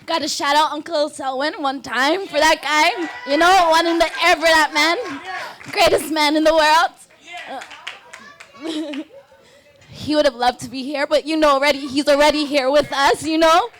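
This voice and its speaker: Young woman, maid of honor, wedding toast, high voice, casual and rambling. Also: steady tone, normal speed, fairly bright tone, a little hiss or hum.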